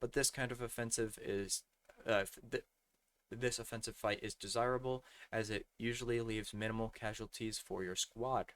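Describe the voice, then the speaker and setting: A man's voice: fairly low pitch, steady tone, moderate pace, fairly bright tone. A young man reading slides aloud for a gaming tutorial, often tripping over words and correcting himself, his voice a bit worn. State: losing his voice. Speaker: gaming community tutorial presenter.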